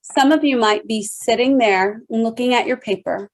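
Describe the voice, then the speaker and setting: A woman's voice: a little high, moderate pace. A middle-aged woman, a leadership speaker, giving an emphatic motivational talk to an online audience over a video call, speaking straight to listeners and repeating phrases for weight.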